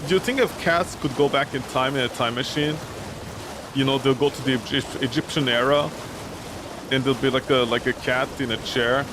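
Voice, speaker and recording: A man's voice: mid-range voice, moderate pace, background noise. A young man streaming a video game, chatting casually and rambling through silly jokes and tangents. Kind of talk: casual gameplay commentary. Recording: loud game sound behind.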